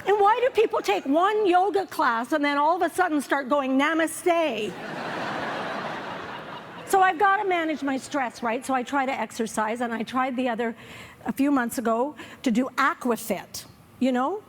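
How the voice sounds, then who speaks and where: An older woman doing a live stand-up set on stage, wry and self-mocking, slipping into quick character asides. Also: high voice, noisy background. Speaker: stand-up comedian. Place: comedy festival stage before a live audience.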